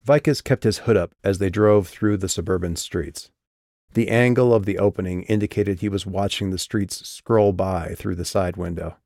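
Deep-voiced male audiobook narrator. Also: steady tone, normal speed, a little mellow, no room sound, clean studio sound.

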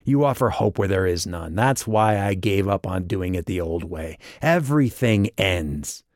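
A man voicing a whip-thin, scowling, bitter man who sneers and strains close to a shout. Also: low-pitched, lively intonation, measured pace, no echo. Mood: bitter, sneering.

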